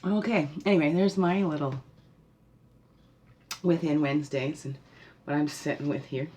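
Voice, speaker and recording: A woman's voice: low-pitched, fairly even intonation, moderate pace, pauses often, background noise. A woman hosting a spiritual podcast, talking casually and animatedly, often laughing and asking the listener questions. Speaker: spiritual guide and podcast host.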